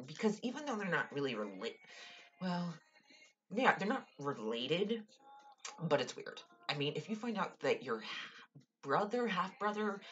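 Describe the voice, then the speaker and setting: A young woman with a low-pitched voice vents about a TV show in an exasperated, sighing, swearing tone. Her talk is casual and rambling. Faint noise sits under the recording. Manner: exasperated, frequent sighs and swearing. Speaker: vlogger. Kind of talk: casual TV recap rant.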